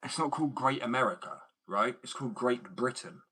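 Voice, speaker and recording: Male streamer from Germany, bright and punchy tone, combative and mocking, ranting back at viewer comments. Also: mid-range voice, brisk, slightly rough, low-quality recording. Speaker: skateboard artist streaming.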